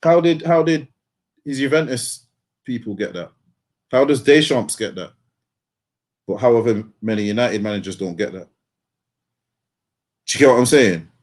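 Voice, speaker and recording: A man's voice: medium pitch, normal speed, pauses often, a little mellow. A man co-hosting a football podcast. He talks in casual slang, rambles and keeps asking "you get what I'm saying?". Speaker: podcast co-host.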